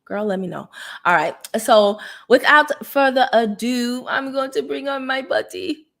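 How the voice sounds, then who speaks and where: A woman's voice: high voice, unhurried, creaky. A woman hosting a casual livestream, chatty and laughing often as she greets viewers. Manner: chatty, gives shout-outs, laughs often. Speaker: livestream host.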